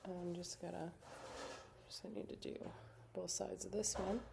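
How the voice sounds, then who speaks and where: A woman's voice: lowish voice, level tone, moderate pace, gravelly, heavy background noise. A middle-aged woman chatting casually during a craft livestream, telling stories and acting out quotes. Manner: chatty, storytelling with acted-out quotes. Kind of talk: casual chat while crafting.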